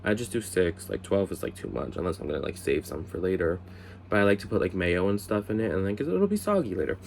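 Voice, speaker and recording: A man telling a casual storytime vlog from his bed, animated, jumping high for quoted lines and exclamations, then dropping into quiet asides, a little tipsy. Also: fast, gravelly, slight background noise. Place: bedroom, sitting on the bed.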